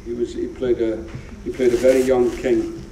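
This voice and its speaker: A man's voice: medium pitch, little pitch movement, normal speed, crowd noise. A Scottish man in his seventies, a guest actor telling rambling anecdotes in an on-stage interview. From Scotland. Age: 70s. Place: theatre stage before an audience. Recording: roomy, distant live theatre recording.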